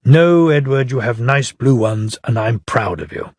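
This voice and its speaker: A man's voice: medium pitch, lively intonation, measured pace, no room sound, clean studio sound. A man voicing a stern, fussy male railway boss in a storybook reading, speaking severely but with kindness.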